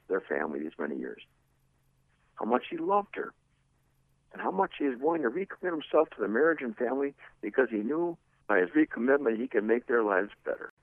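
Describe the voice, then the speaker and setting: A middle-aged man speaks about leadership in a rough, gravelly voice that swings widely between emphatic and hushed. He tells personal stories and asks the listener rhetorical questions. The sound is dry and narrow, like a radio broadcast heard over a phone. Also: medium pitch, dry recording. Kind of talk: personal storytelling talk. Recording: tinny phone-like radio audio.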